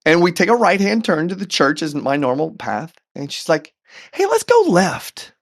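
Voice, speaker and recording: A man as a podcast guest telling a personal story in an animated, earnest way, often repeating words as he goes. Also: a little high, moderate pace. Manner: faith-centered, earnest. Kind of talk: storytelling in conversation.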